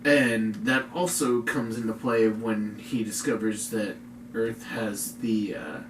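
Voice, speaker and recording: Slow, laid-back man in an echoey room. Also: fairly low pitch, steady tone. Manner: laid-back, rambling, lots of "like". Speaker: podcast co-host. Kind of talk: casual chat. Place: room in a home. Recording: echoey room, distant mic, faint noise.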